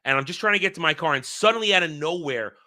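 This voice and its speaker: Bright, tense-voiced man ranting. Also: a little high, lively intonation, fast. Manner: rambling, heated storytelling with frequent restarts. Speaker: channel host. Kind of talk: casual solo monologue recounting a dream.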